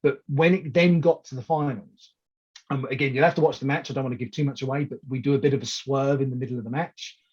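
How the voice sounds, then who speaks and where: A man in casual interview chat as a wrestling promoter, telling animated stories full of restarts and acted-out quotes. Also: mid-range voice, fast, breathy edge, lo-fi sound. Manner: animated storyteller who acts out quoted lines, with many restarts.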